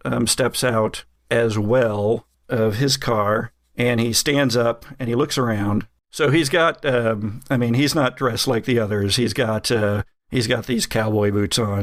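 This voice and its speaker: A male game master narrating an actual-play audio drama in a loose, halting way. His voice is middle in pitch with a gravelly grain. The recording is dry and close. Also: dry recording. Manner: loose, hesitant with many uhs.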